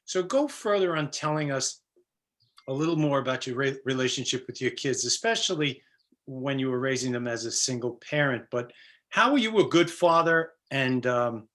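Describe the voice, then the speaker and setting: Man, discussion leader, church group, prompting questions, mid pitch. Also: moderate pace, fairly bright tone.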